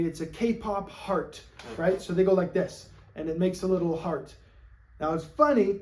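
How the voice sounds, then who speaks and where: Ukulele teacher, mellow voice, keeps saying okay, counts one two three four while strumming. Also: mid-range voice. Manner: friendly, checks in with "okay?" constantly. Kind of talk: on-camera music lesson.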